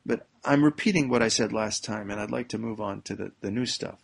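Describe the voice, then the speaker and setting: A man's voice: lowish voice, brisk, gravelly, husky. A man reading a news article aloud and picking it apart sarcastically, often breaking into laughter. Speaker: commentator.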